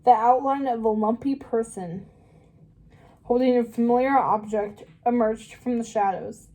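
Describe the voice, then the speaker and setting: A woman reads a children's novel aloud at a slow, careful pace, now and then stumbling and starting a word over. Her voice is mellow and fairly high. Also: fairly even intonation, poor audio. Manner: slow and careful, with small slips and restarts. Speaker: reader.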